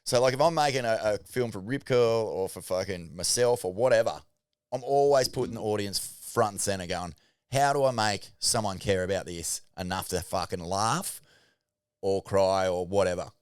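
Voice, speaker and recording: A man co-hosting a podcast, talking in animated, sweary casual chat with halting restarts. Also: lowish voice, smooth, dry recording, clean studio sound. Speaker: podcast co-host.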